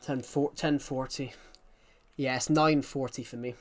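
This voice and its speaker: A British man chatting casually with viewers on his live stream, using a louder, cheerful streaming voice and rambling from one thought to the next. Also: medium pitch, fairly even intonation. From United Kingdom. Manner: puts on a louder, happier voice for the stream; rambling, chatty, quick to apologize.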